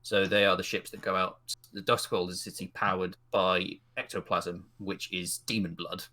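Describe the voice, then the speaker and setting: A man's voice: low-pitched, flat delivery, moderate pace, pushed and bright. A man narrating a tabletop role-playing game as game master, in a casual, chatty way. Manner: casual, chatty, slips into character voices.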